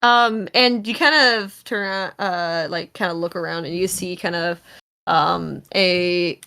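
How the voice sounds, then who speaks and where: A woman's voice: on the low side, unhurried, creaky, bright, forceful tone, clear, resonant tone. A woman narrating as game master of a tabletop game, describing scenes loosely with many fillers. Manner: rambling, many fillers and laughs.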